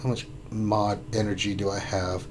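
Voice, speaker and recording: A man hosting a casual gaming livestream, playful and excitable, teasing his co-host. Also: lowish voice, moderate pace, background noise.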